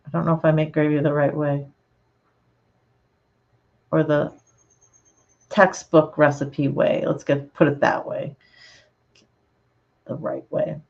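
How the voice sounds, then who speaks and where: A woman with a low, unhurried voice talks casually with her viewers, relaxed and chatty and often laughing. The sound is a little dull and lo-fi, as if it came through a home computer mic. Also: vocal fry. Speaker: channel host. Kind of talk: casual livestream chat reading comments.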